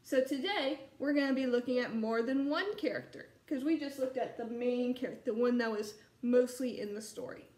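High-voiced woman teaching first graders. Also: normal speed, hardly any pauses, echoey room. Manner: warm, encouraging teacher talk to young children. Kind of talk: distance learning lesson and read-aloud.

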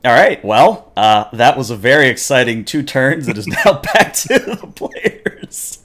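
Dude running a tabletop game, mid voice, narrating all animated with ums. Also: male voice, mid-range voice, unhurried. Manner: animated storytelling with frequent "uh" fillers. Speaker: game master.

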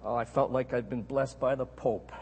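A middle-aged Canadian man preaching a sermon, telling a story with animated emphasis on key words. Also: mid-range voice, normal speed, a little hiss or hum. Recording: echoey hall.

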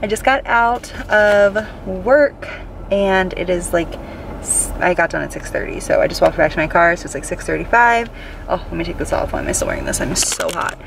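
A young woman in her twenties chatting excitedly to her phone camera in a casual vlog. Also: fairly low pitch, normal speed, vocal fry, noisy background. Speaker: vlogger.

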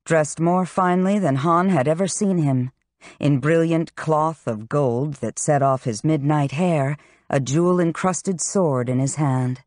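Low-voiced woman narrating a fantasy audiobook. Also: a little slow, darkish tone, dry recording, clean studio sound. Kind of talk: scripted narration.

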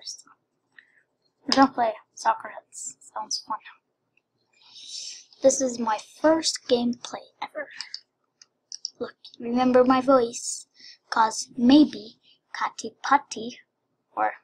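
A woman giving casual commentary on a game she is playing, excitable, dropping into whispered asides and then breaking into squealing cheers. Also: on the high side, husky. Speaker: gameplay commentator.

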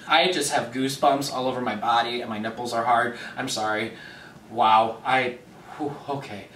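Gushing high-voiced young man reacting. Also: pushed and bright, slight background noise. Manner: gushing, dramatic, fast asides. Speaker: reaction video host. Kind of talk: excited reaction commentary. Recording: echoey room, distant mic.

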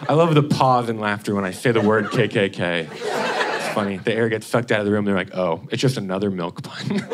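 A man's voice: lowish voice, very animated, normal speed, long pauses, heavy background noise. A young man from Indiana performing a stand-up set, chatty and tagging his lines with "okay?". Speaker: stand-up comedian. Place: comedy club stage with a laughing audience.

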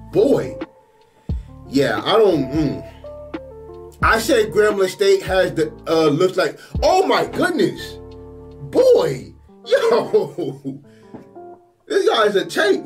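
A man hosting a sports reaction video, exclaiming over football highlights in an excitable, slangy way.

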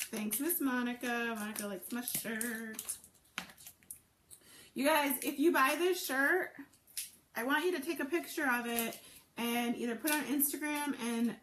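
A woman's voice: a little high, background noise. A woman hosting a live cooking stream, chatting with viewers and gushing over the food as she cooks. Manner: chatty, answers viewer comments while cooking. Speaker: cooking show host. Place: home kitchen.

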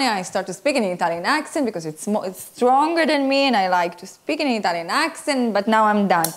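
A woman's voice: medium pitch, lively intonation, brisk. A woman hosting a cooking show, demonstrating a recipe in a playful, enthusiastic way and sprinkling in Italian words.

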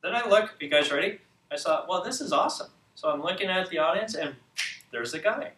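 A man hosting a ministry show, telling a story in an animated, excitable way and acting out the scenes. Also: on the high side, a little fast. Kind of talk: storytelling teaching talk. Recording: echoey room, distant mic.

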